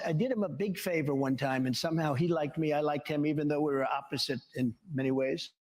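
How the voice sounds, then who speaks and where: An older man in his seventies answers questions at a town hall, his voice a little higher than most men's. He rambles from one story to the next and boasts along the way. A long reverb from a large hall trails after his words. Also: a little mellow. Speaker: interview guest.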